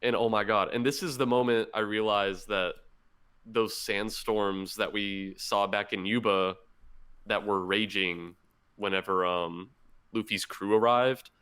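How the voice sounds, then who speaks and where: A man co-hosting a podcast, excitedly retelling a manga story in casual chat with lots of fillers. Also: lowish voice, measured pace, clean tone. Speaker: podcast co-host.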